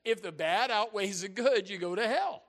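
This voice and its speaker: A man preaching a sermon as a story, animated and often repeating words as he starts a sentence. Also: sits high, normal speed.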